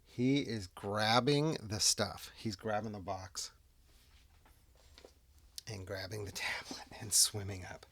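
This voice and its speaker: A man narrates a solo tabletop game in a relaxed, unhurried manner, reasoning through each move out loud. His low voice has a gravelly fry, and he frequently lapses into quiet muttered asides to himself.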